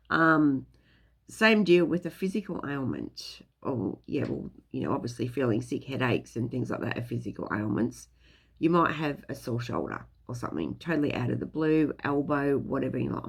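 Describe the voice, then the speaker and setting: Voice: medium pitch, animated, normal speed, creaky, breathy edge. A speaker giving a casual, rambling talk on spiritual topics, full of fillers and loose swearing. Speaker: spiritual teacher.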